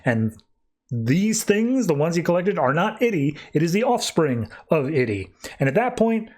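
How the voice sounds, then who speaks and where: A podcast host recaps a comic issue in relaxed, chatty fashion. His voice sits slightly high for a man. He keeps the retelling animated with quick quoted lines. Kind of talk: casual comic book recap.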